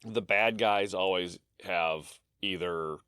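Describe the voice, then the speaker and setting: A man co-hosting a casual podcast, talking in an animated way, swearing freely and restarting his sentences. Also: deep voice, takes it slowly, clean tone, dry recording, studio quality. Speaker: podcast co-host. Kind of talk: casual chat.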